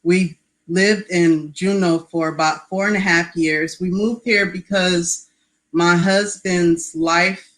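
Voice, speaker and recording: A woman in her forties from Los Angeles, a guest artist answering interview questions over a video call in an unhurried, soft-spoken way. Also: lowish voice, fairly even intonation, rough recording. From Los Angeles, California.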